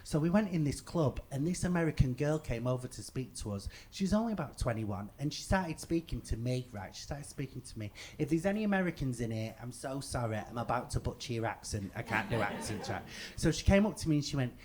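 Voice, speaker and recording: A man in his thirties with an English accent, doing a stand-up comedy set. He talks in an animated way and rises to loud outbursts for punchlines. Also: medium pitch, fairly quick. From England. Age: 30s. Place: comedy stage before a live audience.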